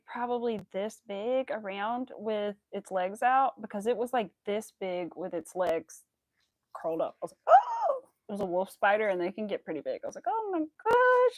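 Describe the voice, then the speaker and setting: Young woman, casual streamer, rambling chat with fillers, mid pitch, dry close mic. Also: no room sound. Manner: chatty, rambling, many fillers. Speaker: crochet streamer.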